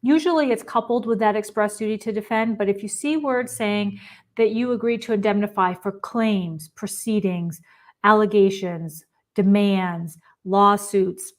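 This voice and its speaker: A woman giving a webinar presentation, explaining contract terms in an emphatic, practical way. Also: mid-range voice. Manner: explanatory, emphatic, acts out client quotes. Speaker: risk management presenter.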